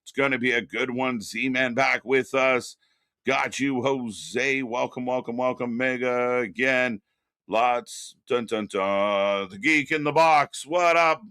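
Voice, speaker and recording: Bright, chatty man hosting a live stream. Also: mid-range voice, takes it slowly, smooth, no room sound, studio quality. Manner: loose and chatty, greets viewers in the chat by name. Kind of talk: casual live reaction chat.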